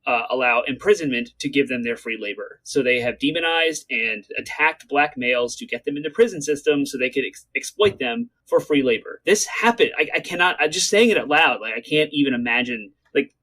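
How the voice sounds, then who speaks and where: Man, podcast co-host, earnest, quick-talking, casual chat, middle pitch. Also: expressive, pushed and bright, rough recording. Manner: earnest, talks quickly to get through points.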